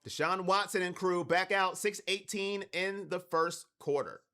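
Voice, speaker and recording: A man with a high, bright, ringing voice calls a football game play by play for a live stream. He talks straight to his chat in an energetic, hype-driven way. His voice sounds worn thin from talking. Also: a little slow. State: voice wearing thin. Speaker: livestream watch party host.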